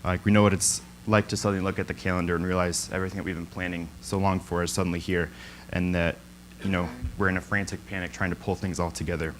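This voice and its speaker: A man's voice: low-pitched, level tone, fast, a little hiss or hum, low-quality recording. A young man speaking as a guest at a church, telling a story in an informal sermon, with lots of ums and frequent laughs. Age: young adult. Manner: chatty, many ums, laughs often.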